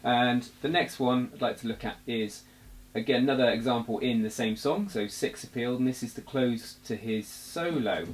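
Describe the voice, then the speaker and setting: Relaxed guitar teacher counting beats. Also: male voice, medium pitch, moderate pace. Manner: relaxed, explains while playing, counts beats aloud. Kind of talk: casual music lesson. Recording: loud guitar under the voice. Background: guitar playing.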